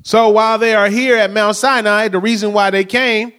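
High-voiced man preaching a sermon. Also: fairly even intonation, moderate pace, fairly bright tone, smooth. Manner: conversational preaching, asks the crowd "right?". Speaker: pastor.

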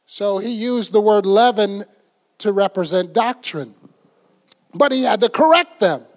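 A man's voice: high voice, animated, unhurried. An older man preaching a folksy, conversational sermon, acting out little scenes as he goes. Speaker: pastor.

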